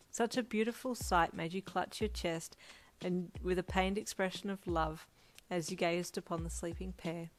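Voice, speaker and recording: A woman reading a second-person fan fiction audiobook in a steady, soft storytelling manner. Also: fairly low pitch. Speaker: fanfiction reader.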